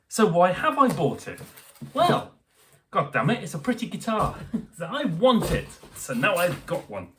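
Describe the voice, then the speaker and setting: A man's voice: on the high side, fairly bright tone, a little hiss or hum. A man chatting casually through a guitar unboxing review, with jokey asides to the viewer.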